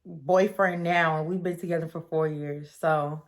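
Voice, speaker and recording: A young woman telling a casual story to her viewers, chatty and animated, acting out the quotes and laughing often. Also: low-pitched, normal speed.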